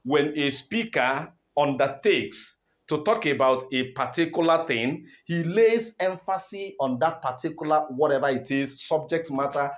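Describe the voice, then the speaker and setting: A man's voice: fairly high pitch, a little slow. A man teaching an online exam-prep lesson, explaining step by step, repeating points and checking in with "okay?". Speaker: English teacher.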